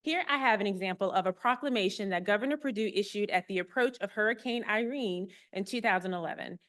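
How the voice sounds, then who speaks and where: A woman's voice: medium pitch, fast talker, fairly bright tone. Woman archivist giving a friendly talk. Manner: friendly, explanatory, lightly humorous. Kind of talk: public talk to an audience. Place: room with a live audience.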